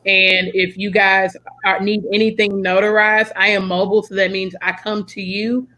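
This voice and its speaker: A woman's voice: mid-range voice, level tone, moderate pace, bright, forceful tone, poor audio. A young American woman hosting a casual podcast chat, friendly and full of fillers. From United States. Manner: chatty, friendly, lots of fillers. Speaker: podcast host.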